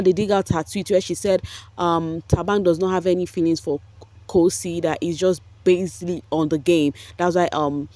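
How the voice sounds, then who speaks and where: A woman giving animated gossip commentary on a reality show to her viewers. She laughs often and drops pidgin exclamations. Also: fairly low pitch, no room sound.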